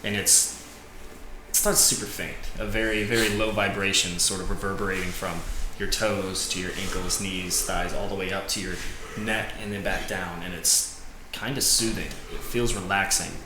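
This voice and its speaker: A man with a lowish voice runs a tabletop role-playing session, narrating in loose, halting sentences full of fillers. The recording sounds echoey, with background noise throughout. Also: steady tone. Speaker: game master.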